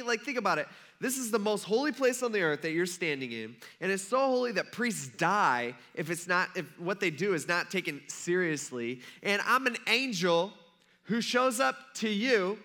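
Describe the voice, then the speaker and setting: A man's voice: high voice, animated, unhurried, pushed and bright. A pastor preaching a sermon that retells a story in a casual, chatty way and speaks straight to his congregation.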